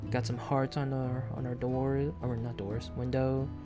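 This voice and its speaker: A man's voice: medium pitch, level tone, unhurried, music in the background. A man streaming a video game live, chatting casually in a rambling, hesitant way with lots of fillers and restarts.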